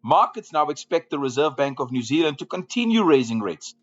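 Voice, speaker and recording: A man's voice: fairly high pitch, very animated, brisk, highs cut off, faint music behind. A man hosting a live trading room, giving market commentary and often repeating phrases to draw viewers along.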